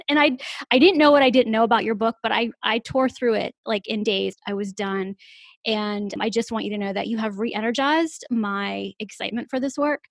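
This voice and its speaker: A woman's voice: fairly high pitch, steady tone, moderate pace, vocal fry, dry recording, studio quality. A woman hosting a podcast about therapy, chatty and effusive, laughing often as she talks. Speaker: podcast host. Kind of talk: podcast interview.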